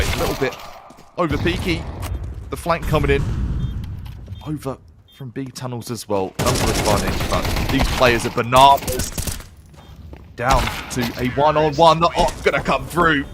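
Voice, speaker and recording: Male caster, lively play-by-play, playful, faint noise behind. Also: medium pitch. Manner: excitable, playful quips. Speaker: esports caster. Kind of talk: play-by-play commentary.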